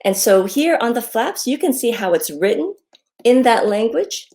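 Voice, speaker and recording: A woman reading her picture book aloud to children, in a gentle, friendly storytime manner with many pauses and ums. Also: fairly high pitch, expressive.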